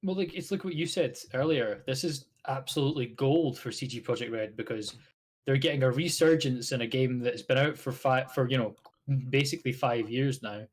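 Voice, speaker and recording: Scottish bloke co-hosting a podcast, chatty, laughs along, swears a bit. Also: male voice, mid-range voice, brisk. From Scotland. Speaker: podcast co-host. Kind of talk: casual chat.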